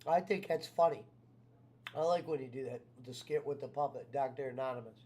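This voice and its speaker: A man speaking in a low-key, mumbled way in a casual voice-call chat. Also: a little fast, darkish tone, slightly rough. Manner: mumbled, low-key, eating while talking. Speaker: call participant.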